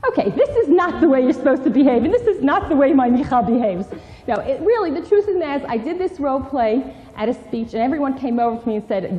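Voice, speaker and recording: A woman giving a parenting lecture to teens, lively and instructive, slipping into role-play. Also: high-pitched, fast talker, dull audio, soft background music. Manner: animated, warm, instructive. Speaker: parenting speaker. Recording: long reverb in a hall.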